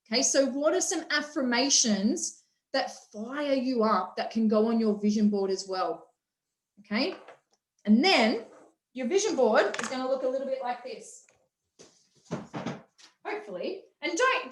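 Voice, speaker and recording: A woman's voice: on the high side, animated, a little slow, long pauses, a little hiss or hum. A woman hosting a motivational online workshop, talking with energy and enthusiasm and acting out quotes. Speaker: workshop host. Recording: roomy echo.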